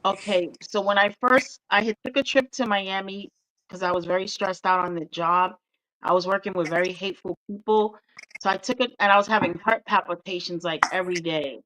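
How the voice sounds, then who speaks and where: A woman's voice: medium pitch, brisk, fairly bright tone, no echo, poor audio. A middle-aged woman, a guest author, telling her story with earnest feeling in a casual interview chat.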